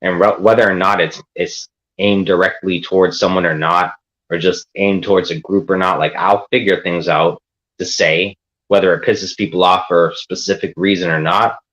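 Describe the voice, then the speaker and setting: A man holds forth on a livestream in a rambling rant, full of swearing and defiance. His voice sits a bit low, and he talks in loose, run-on stretches. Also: steady tone, normal speed, fairly bright tone, lo-fi sound.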